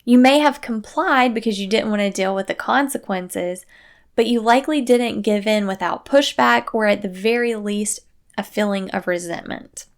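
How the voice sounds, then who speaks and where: A woman hosting a parenting podcast, giving calm, matter-of-fact advice in a scripted solo talk. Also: mid-range voice, moderate pace.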